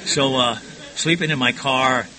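A man's voice: medium pitch, unhurried, a crowd in the background, low-quality recording. An older man frankly recounting his past in a rambling personal testimony, often stumbling and repeating words.

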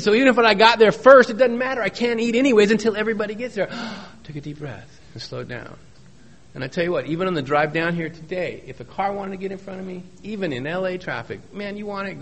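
A man's voice: sits high, slight background noise. Middle-aged man telling his recovery story. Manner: folksy storytelling with joking asides; repeats key phrases for emphasis. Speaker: speaker at a recovery meeting. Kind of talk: personal testimony talk.

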